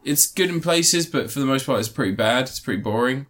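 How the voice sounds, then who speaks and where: Brief: male film-chat host, sarcastic, rambly, slips into quick silly voices. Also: mid-range voice, expressive, a bit bright. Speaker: film reviewer. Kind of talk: casual film recap chat.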